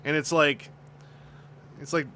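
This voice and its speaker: A man's voice: on the high side, steady tone, takes it slowly, bright, forceful tone, a little hiss or hum. A man chatting casually on his stream, rambling and jokey, often laughing and restarting his sentences. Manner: rambling and jokey, with frequent restarts, laughter and silly put-on voices.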